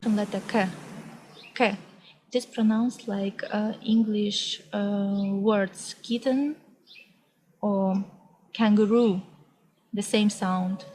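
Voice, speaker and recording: A young woman with a Russian accent teaches her native alphabet in a casual vlog lesson. She talks slowly and deliberately, repeating every example word, at a pitch that sits in the middle of the range. Faint outdoor noise stays under her voice. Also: a little mellow, rough recording. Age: young adult. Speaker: language teacher. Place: outdoors on a hot day.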